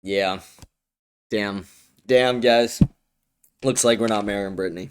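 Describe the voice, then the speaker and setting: A man's voice: lowish voice, steady tone, takes it slowly, pauses often, clear, resonant tone. Profane ranting young male streamer. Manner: heated, profane, blunt rant with many fillers. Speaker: livestream host. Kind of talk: ranting political commentary stream.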